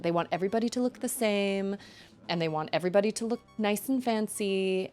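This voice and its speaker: Chatty young woman streaming a game. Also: lowish voice. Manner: chatty and rambling, reacting to the game and chat aloud. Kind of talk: live-streamed gameplay chat. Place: at home.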